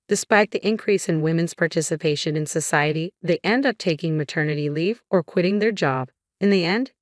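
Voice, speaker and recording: A woman's voice: low voice, no echo, studio quality, lightly acted. A woman voicing an arrogant, sexist office husband who speaks in a dismissive, condescending way.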